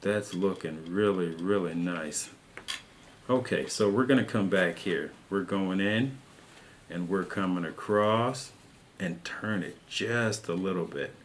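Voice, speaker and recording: A man calmly teaching soap carving, talking patiently through each cut as he works. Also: deep voice, takes it slowly, slight background noise. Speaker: carving instructor. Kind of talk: step-by-step craft tutorial.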